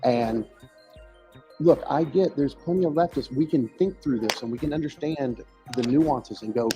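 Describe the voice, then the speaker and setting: A man's voice: mid-range voice, normal speed, music in the background, low-quality recording. A man earnestly explaining ideas at length in a casual discussion. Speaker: podcast guest.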